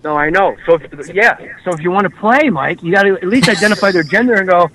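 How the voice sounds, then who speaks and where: A man hosting a podcast in casual chat, telling stories in an animated way and acting out quoted voices. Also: high-pitched, fast talker, rough recording. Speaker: podcast host.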